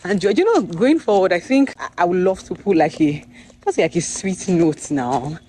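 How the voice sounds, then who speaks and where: A young Nigerian woman with a Nigerian accent, chatting excitedly in a casual vlog to a phone camera, with pidgin-tinged phrasing. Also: fairly low pitch, moderate pace. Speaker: vlogger and author. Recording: echoey room with faint background ambience.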